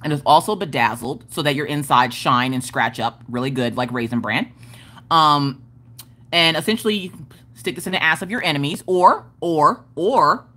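Bright-voiced woman hosting a livestream. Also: sits low, normal speed. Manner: rambling, joking, laughing, profane. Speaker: livestream host. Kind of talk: casual livestream chat.

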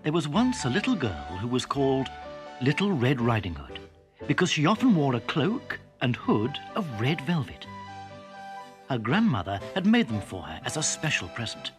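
Expressive male children's storyteller. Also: medium pitch, normal speed. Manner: gentle, expressive reading. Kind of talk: scripted narration of a children's story. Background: background music.

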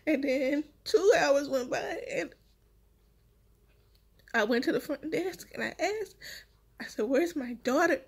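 A woman's voice: high voice, lively intonation, unhurried, long pauses. A woman vlogger, a week after giving birth, telling her story straight to her viewers in a casual, emotional way. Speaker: vlogger, new mother.

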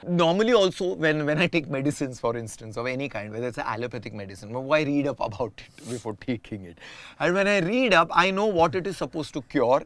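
A man speaks as an interview guest, thinking out loud in long, winding sentences. His voice sits a little high for a man. The recording is dry and close. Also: expressive, brisk, dry recording. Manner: reflective, explains at length with restarts. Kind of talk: casual conversation.

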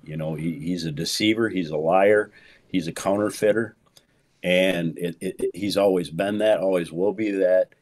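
A man in his fifties, a pastor, talking in an animated preaching way, swinging from low murmurs to loud, high exclamations and leaning on "man" for emphasis. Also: moderate pace, dry recording. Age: 50s. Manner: peppers speech with "man", repeats words for emphasis.

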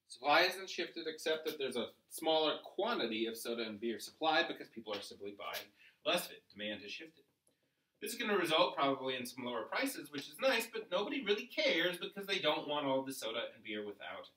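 A man gives a lively classroom economics lecture, tossing out rhetorical questions. His voice is bright and a little high, and it sounds roomy and echoey, as if caught from across the room. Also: normal speed, distant mic. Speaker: teacher. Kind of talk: economics lecture while drawing graphs.

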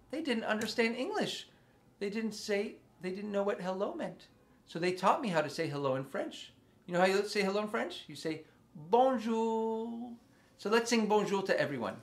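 A man hosting a children's music lesson, speaking slowly and simply to small children and asking them questions. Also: high-pitched. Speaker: children's music teacher and host. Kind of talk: children's sing-along lesson. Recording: loud background noise.

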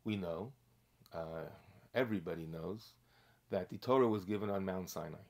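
A male rabbi teaching a religious class, speaking haltingly with frequent restarts and sprinkling in Hebrew and Yiddish terms. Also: low voice, a little mellow. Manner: halting, many fillers and restarts, storytelling.

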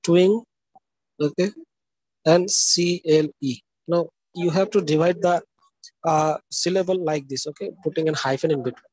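A man's voice: on the high side, moderate pace, a little mellow, no room sound, rough recording. A man giving a live university lecture. He explains step by step, keeps asking "okay?" and spells out words letter by letter. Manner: explanatory, checks understanding with frequent "okay?".

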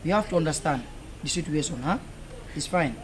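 A man plays a fatherly elder in a film drama, calming people and then sermonizing about listening to parents. His voice is fairly high for a man, and there is clear background noise. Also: brisk, lightly acted. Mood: reassuring, lecturing. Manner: moralizing, reassuring, repetitive. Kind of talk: low-budget film drama. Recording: noisy location audio.

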